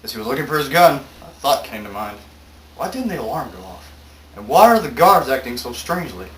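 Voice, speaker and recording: A man's voice: mid-range voice, big pitch swings, fairly quick, a bit bright, reverberant, slight background noise, rough recording. A man reading a story aloud to friends in a playful, mock-dramatic way, cracking jokes between sentences. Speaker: story reader. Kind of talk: joking comedic reading aloud.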